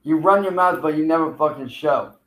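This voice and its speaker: A man's voice: on the high side, fairly quick, fairly bright tone, echoey room, rough recording. A man streaming live, taunting and cursing at a rival who keeps failing to show up. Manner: taunting, profane, calling out a rival. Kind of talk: livestream trash talk.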